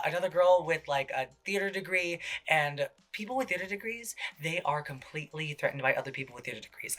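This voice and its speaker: A man hosting a casual TV recap, gossipy and full of swearing, jumping into quick impressions. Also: fairly high pitch, bright, forceful tone. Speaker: show host.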